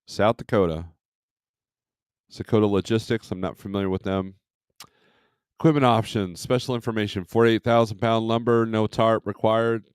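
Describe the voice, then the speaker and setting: Man, very low voice, laid-back, rambling, livestream host, dry close mic. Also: steady tone, moderate pace, clear, resonant tone, no room sound. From Michigan. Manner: laid-back, rambling, reads load listings aloud. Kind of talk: casual livestream commentary.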